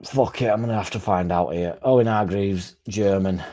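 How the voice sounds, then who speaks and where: A man's voice: low voice, moderate pace, warm tone. A man hosting a football fan channel, chatting casually in a rambling, sweary, self-mocking way.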